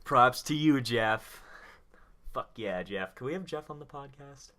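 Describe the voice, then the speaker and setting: A man's voice: medium pitch, lively intonation, unhurried, pushed and bright. A young man hosting a podcast, chatting casually, rambling, swearing and laughing often. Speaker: podcast host. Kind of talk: casual chat.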